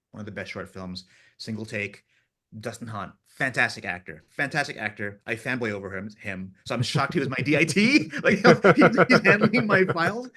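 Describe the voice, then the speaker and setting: A man, a film director, chatting in an interview and telling animated stories from the set, acting out his crew's lines and laughing often. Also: lowish voice. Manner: animated storyteller, acts out crew voices, laughs often. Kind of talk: casual interview chat.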